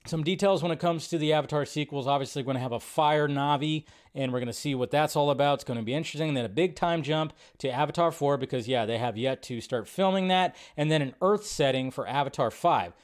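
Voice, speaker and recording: A man's voice: fairly high pitch, fast, hardly any pauses. A man hosting a casual live movie news show, chatty and rambling, thinking aloud with fillers as he scrolls at his computer. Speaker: host. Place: home setup at a computer.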